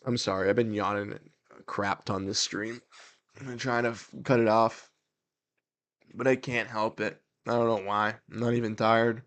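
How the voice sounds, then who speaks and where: A young man hosting a casual livestream watch-along, reacting to plays and talking with his chat in quick, excitable bursts. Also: lowish voice. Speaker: livestream host. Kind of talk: casual live game commentary.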